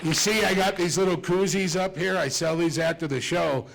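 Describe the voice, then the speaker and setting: A man's voice: high voice, fairly even intonation, moderate pace, creaky, a crowd in the background, background noise. A middle-aged man doing a stand-up comedy set, chatty and self-mocking as he talks to the audience. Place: club stage with a live audience.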